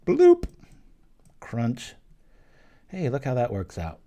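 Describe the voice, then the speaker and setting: Casual young male gameplay host, low and mellow, chatty and thinking aloud. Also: animated, lo-fi sound. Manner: casual, thinking aloud, quick jokes and small exclamations. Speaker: channel host playing an online card game. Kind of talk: live gameplay commentary.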